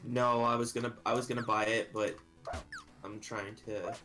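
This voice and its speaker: A man's voice: fairly low pitch, flat delivery, normal speed, pushed and bright. A man chatting casually on a live stream while gaming, sleepy and yawning, rambling with many restarts. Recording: stream audio with game music behind. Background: game music.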